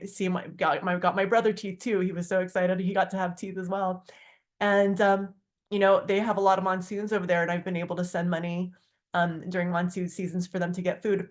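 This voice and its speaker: A woman on a video call giving a heartfelt personal testimony, rambling with restarts and acting out quoted lines. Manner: earnest, rambling with many restarts and fillers; acts out quoted dialogue with big pitch jumps. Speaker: guest speaker on a community call.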